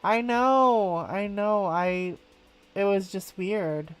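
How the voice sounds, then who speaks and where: A woman in her 40s from California chats casually on a live stream while coloring, rambling, laughing often and constantly saying "like." Her medium-pitched voice is smooth with drawn-out words, over soft background music.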